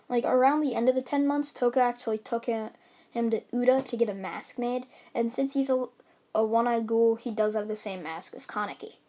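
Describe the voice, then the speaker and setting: A woman's voice: fairly high pitch, warm tone. A woman casually retelling a fan story, rambling with many fillers and restarts.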